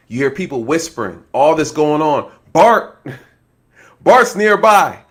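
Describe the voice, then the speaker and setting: A man who is a former law enforcement officer gives casual true-crime commentary. He is animated, laughs often, keeps addressing his viewers and acts out possible scenarios. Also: on the high side, unhurried.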